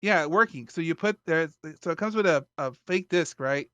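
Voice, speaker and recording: A man's voice: on the high side, moderate pace, sharp tone, clean tone, no room sound, dull audio. A man hosting a casual podcast, rambling with lots of fillers. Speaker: podcast host.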